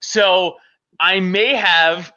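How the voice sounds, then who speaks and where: A man's voice: high voice, fairly even intonation, very slow, bright, forceful tone, lo-fi sound. A man on a podcast casually telling a profane story about himself, laughing often and swearing freely.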